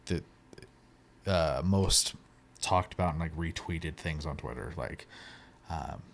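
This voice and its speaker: A man with a very deep voice chatting on a casual podcast. He gives his opinions in an offhand, dry way, often hedging them. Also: takes it slowly, gravelly, slight background noise. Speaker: co-host.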